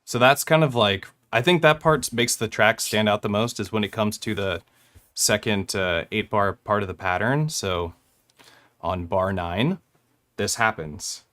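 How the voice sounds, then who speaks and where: In a casual hardware walkthrough, a young male producer shows how he made a track, using a lowish, fairly bright voice at a measured pace. He drifts a little and corrects himself with light laughs.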